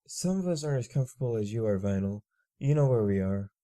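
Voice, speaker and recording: A man's voice: on the low side, expressive, fast talker, warm tone, natural voice. A man voicing a prim, upper-class young female pony who teases and asks eager questions. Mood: earnest.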